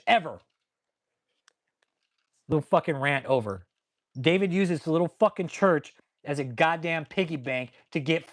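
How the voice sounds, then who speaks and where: A man hosting his own channel, ranting angrily and swearing nonstop, pausing to answer viewers in the live chat. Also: fairly high pitch, fairly bright tone. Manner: angry, swears constantly. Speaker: channel host. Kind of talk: profane ranting commentary with live chat replies.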